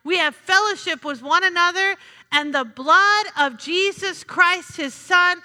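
A woman's voice: very high voice, measured pace, bright, forceful tone. A woman preaching a sermon in a chatty, humorous way, calling out to the congregation for responses. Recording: reverberant hall.

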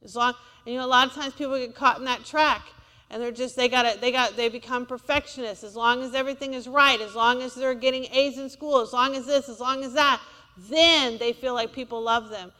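A woman preacher delivers a sermon in a church, using call-and-response and asking the congregation for amens. Her high-pitched voice is bright and forceful, steady in tone and brisk, with a long reverb tail.

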